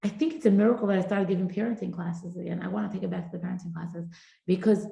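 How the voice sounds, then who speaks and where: A woman's voice: fairly low pitch, fairly even intonation, fast talker, creaky, warm tone, echoey room, muffled recording. A middle-aged woman teaching a parenting class in a chatty, informal way, mixing Hebrew and Yiddish terms into her talk.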